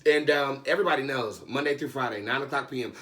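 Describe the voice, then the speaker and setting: A man's voice: medium pitch, fast talker, sharp tone. A man hosting a casual mukbang chat to camera as a tarot reader, chatty and upbeat, with slang and some stumbles.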